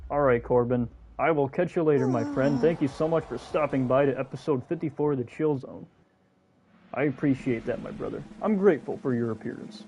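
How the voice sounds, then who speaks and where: A man hosting a casual live gameplay stream, chatty and excitable, talking to his viewers. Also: medium pitch, fairly quick, faint music behind. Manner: chatty and excitable, talks to chat. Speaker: gaming streamer.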